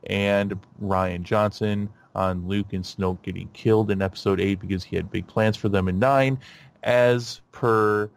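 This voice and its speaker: Rambling, excitable man chatting on a podcast. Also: on the low side, measured pace, creaky. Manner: rambling, animated, many fillers and restarts. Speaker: podcast host. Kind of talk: casual chat.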